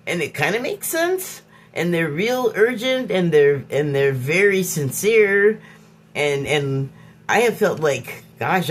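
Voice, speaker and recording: Woman, podcast host, reflective solo monologue, slow and unhurried, hesitant, restarts phrases. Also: fairly low pitch. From Hollywood, United States. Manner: halting and musing, pausing to search for words and restarting phrases.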